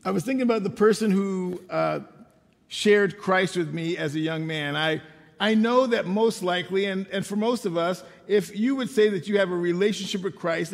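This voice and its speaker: An older man delivers a sermon in a high, gravelly voice, spinning personal stories with a dry, self-deprecating wit. His words ring out with a long reverb in a church sanctuary. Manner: conversational storytelling with self-deprecating humor. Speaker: pastor.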